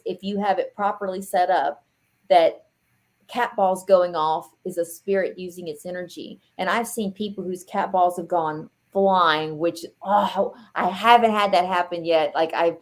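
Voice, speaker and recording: A woman guest on a podcast, chatting casually in an excitable, blunt way and laughing often. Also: medium pitch. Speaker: podcast guest, ghost hunter. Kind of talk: casual chat.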